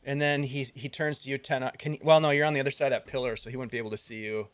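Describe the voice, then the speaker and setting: A man narrating as game master of a tabletop game, with quick relaxed asides between scene descriptions. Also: medium pitch, no room sound.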